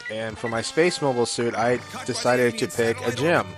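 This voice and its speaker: A man giving rambling, jokey gameplay commentary, with sudden loud bursts of excitement. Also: medium pitch, moderate pace. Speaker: gaming YouTuber. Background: game music.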